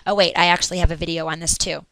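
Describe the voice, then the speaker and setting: A woman's voice: lowish voice, fairly even intonation, racing, fairly bright tone, dry recording. A woman teacher giving a recorded science lesson in an upbeat, chatty way with little asides.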